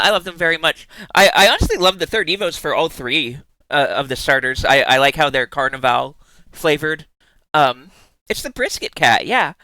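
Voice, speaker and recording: A man's voice: mid-range voice, pushed and bright, smooth, no echo. A man streaming live in casual chat, giggling often and rambling in playful asides with many restarts.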